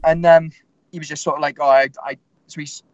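Fast-talking young man. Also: a little high, little pitch movement, dull audio. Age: 20s. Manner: rambling storytelling with many fillers. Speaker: MMA fighter guest. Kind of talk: casual interview chat.

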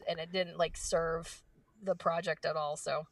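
A woman voice actress being interviewed, chatting casually and fast with lots of fillers and restarts. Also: low-pitched, flat delivery, no echo, recorded from a distance. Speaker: voice actress guest.

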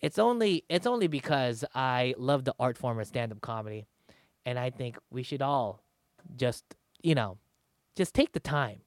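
A comedian talking on stage in a rambling, halting way, often laughing. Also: mid-range voice, animated, no room sound, studio quality. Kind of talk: casual stage talk.

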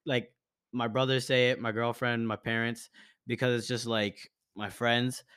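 A man's voice: medium pitch, level tone, unhurried, a bit bright, smooth, no echo, clean studio sound. A young man hosting a podcast, telling a story in casual chat with plenty of slang and swearing. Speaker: podcast host.

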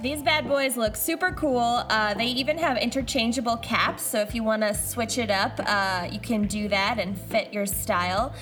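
A woman's voice: a little high, normal speed, few pauses, fairly bright tone, soft background music. A woman co-hosting a casual chat podcast, giggly and bubbly, reading ad lines playfully. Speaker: podcast co-host.

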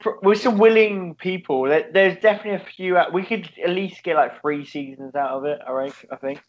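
A man's voice: high voice, brisk. A man co-hosting a podcast in casual chat, rambling and swearing, laughing often. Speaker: podcast co-host. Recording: dull lo-fi sound.

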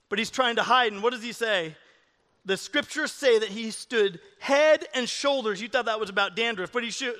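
A middle-aged man, a pastor, preaching a sermon with animated, jokey storytelling. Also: high-pitched, big-room sound.

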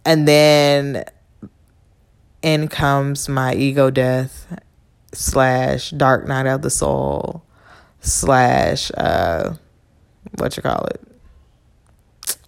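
A woman's voice: a bass voice, drawn-out words, creaky, long pauses, clean tone. A woman hosting her own podcast, telling a personal story in a candid, blunt, conversational way, swearing freely and talking straight to the listener. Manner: conversational, addresses listener directly. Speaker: podcast host. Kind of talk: casual solo storytelling monologue.

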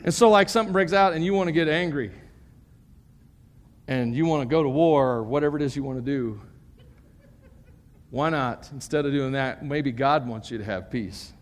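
A man preaching a sermon to a congregation, animated and emphatic, with joking asides between his points. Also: medium pitch, moderate pace, long pauses. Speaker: pastor. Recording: long reverb of a large hall.

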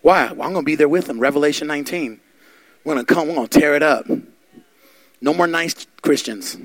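A man preaching a sermon, fervent and building to loud exhortation. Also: on the high side, brisk, no room sound.

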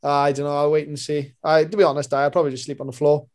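A man's voice: on the high side, little pitch movement, rapid-fire, a little mellow. A man from Britain co-hosting a podcast, trading laid-back, teasing banter. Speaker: podcast co-host. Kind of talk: casual pub chat.

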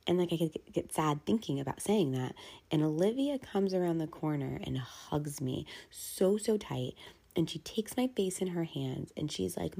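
A woman's voice: low voice, expressive, a little slow, gravelly, mellow, breathy edge. A woman in her thirties talking frankly and casually in a personal vlog as a working mother. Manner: frank, confessional, casual with fillers. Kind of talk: candid personal vlog talk.

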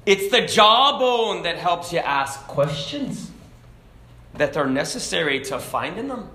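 A preacher voicing an aged Irish man giving folksy advice, in a hushed, low put-on accent that drifts toward Scottish. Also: big pitch swings, measured pace, echoey room, exaggerated voice. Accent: attempted Irish, drifting Scottish.

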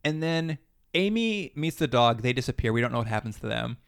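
A man's voice: medium pitch, very animated, brisk, vocal fry, clear, resonant tone. A man co-hosting a podcast, casually recapping a TV episode and acting out the characters' lines in a mocking way. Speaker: podcast co-host. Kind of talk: casual chat recapping a TV show.

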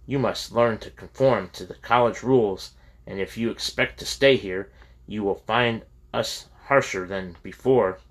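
A man reading the lines of a firm older college president who lectures a student calmly. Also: fairly low pitch.

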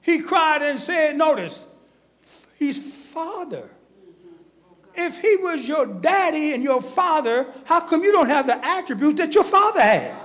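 High-voiced preacher. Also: male voice, very animated, a little slow. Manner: shifts from quiet asides to shouted preaching. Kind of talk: fiery sermon.

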